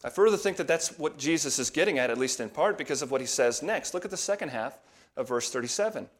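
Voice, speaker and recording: A man preaching a verse-by-verse sermon as pastor, in a measured teaching tone that leans on key words. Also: medium pitch, animated. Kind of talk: expository sermon.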